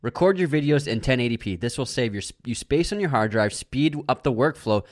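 A man's voice: mid-range voice, expressive, brisk. A young man co-hosting a podcast in casual banter, teasing and laughing a lot. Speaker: podcast co-host.

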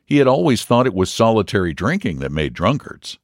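A man reading a story aloud as narrator, measured and expressive. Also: fairly low pitch, no room sound, studio quality. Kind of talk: audiobook reading.

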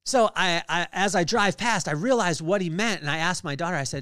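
A man's voice: high-pitched, brisk, bright, forceful tone, clear, resonant tone, no room sound. Man giving a casual faith talk. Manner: conversational, reeling off lists of virtues with rising energy. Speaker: podcast host.

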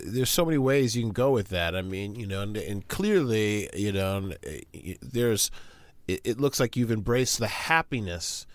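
A man's voice: fairly low pitch, lively intonation, moderate pace, few pauses, no room sound. A man co-hosting a podcast, talking casually and hesitantly with many fillers. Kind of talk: casual chat.

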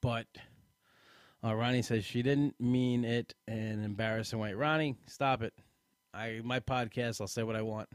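A man's voice: medium pitch, steady tone, moderate pace, smooth, no room sound, clean studio sound. A man hosting a casual live podcast, chatty and self-deprecating, a bit tired and rambling with restarts. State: tired, yawning. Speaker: podcast host.

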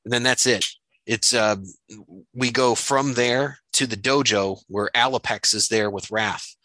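A man's voice: medium pitch, measured pace, no echo, low-quality recording. A man hosting a casual chat, recapping a comic story step by step. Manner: steady recap with frequent fillers.

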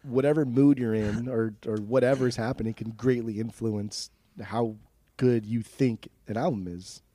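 A man's voice: mid-range voice, fairly even intonation, moderate pace, warm tone, no echo. A young man co-hosting a podcast in a casual chat, laid-back and swearing, with frequent restarts. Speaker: podcast co-host.

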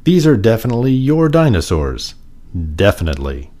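A man's voice: medium pitch, big pitch swings, normal speed, warm tone, natural voice. A man reading aloud and voicing a cheerful, officious lost-and-found clerk.

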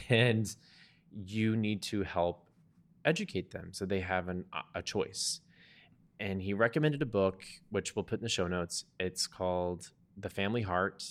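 Deep-voiced man telling a personal story. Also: a little slow. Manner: chatty, animated retelling with quoted dialogue. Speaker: podcast co-host.

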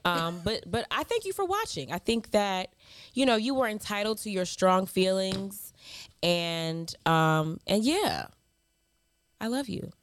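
A woman's voice: medium pitch, sing-song, unhurried, no echo. A sassy podcast co-host in her thirties, a woman who mocks the messages she reads aloud. Her voice sits in an ordinary middle range for a woman. The recording is dry, with no room sound. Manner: sassy, mocking, reads hate mail aloud with laughter. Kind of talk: casual chat.

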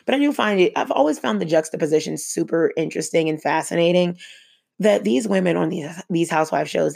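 A woman's voice: deep voice, vocal fry, a little mellow. A young adult woman hosting a solo podcast, giving opinionated, emphatic, conversational commentary. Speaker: podcast host.

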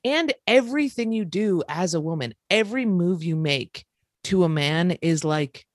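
A woman's voice: lowish voice, lively intonation, moderate pace, no echo, clean studio sound. A young woman co-hosting a casual chat podcast, blunt and swearing freely as she tells stories. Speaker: podcast co-host.

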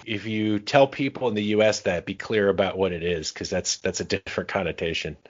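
A man's voice: low voice, steady tone, brisk. A man co-hosting a sports podcast, joking and bantering playfully. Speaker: podcast co-host. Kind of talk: casual sports chat. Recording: dull lo-fi podcast audio.

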